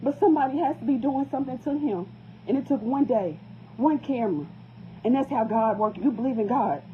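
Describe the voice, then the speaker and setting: A woman's voice: fairly high pitch, fairly quick, slight background noise. Distraught woman on a tinny phone recording. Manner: distraught, pleading, repeats herself. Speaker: parent. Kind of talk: emotional phone vlog.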